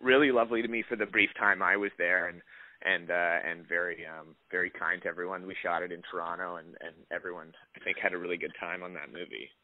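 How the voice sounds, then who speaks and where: A man's voice: low voice, steady tone, quick pace, no room sound. A young adult man, an actor, chatting in an interview, rambling with many restarts and fillers. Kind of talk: casual interview chat. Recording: dry, tinny phone line.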